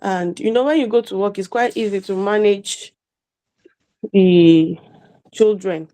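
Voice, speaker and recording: A woman's voice: medium pitch, measured pace, mellow, poor audio. A mother asking a workshop question, telling a long story about her children with frequent restarts. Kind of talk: casual question on a call.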